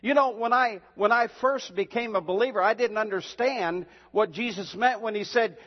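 A pastor preaching a sermon and reading scripture, emphatic and building to shouts, with slow, drawn-out reading of the verses. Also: male voice, sits high. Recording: dull lo-fi sound in a reverberant hall.

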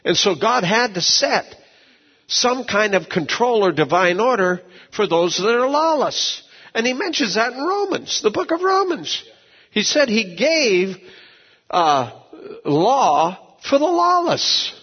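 A man preaching a sermon as pastor, telling folksy stories, repeating words and swinging from low asides to shouted peaks. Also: very animated, slow, breathy edge, long reverb tail, dull audio.

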